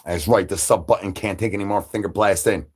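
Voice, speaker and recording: A man livestreams, rambling through crude jokes and talking straight to his chat in a repetitive, joking way. His voice is low-pitched and darkish with a breathy edge, fairly even in intonation and a little fast.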